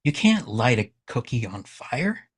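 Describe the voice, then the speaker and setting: A man hosting a podcast, chatting casually and teasing his guest with rapid-fire questions. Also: mid-range voice, big pitch swings, breathy edge. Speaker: podcast host. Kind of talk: casual chat.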